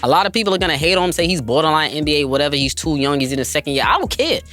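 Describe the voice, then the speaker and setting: A man's voice: a little high, animated, rapid-fire, pushed and bright, faint music behind. A man hosting a basketball podcast, talking emphatically and hyping players up, calling his listeners family. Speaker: podcast host. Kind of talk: enthusiastic basketball commentary.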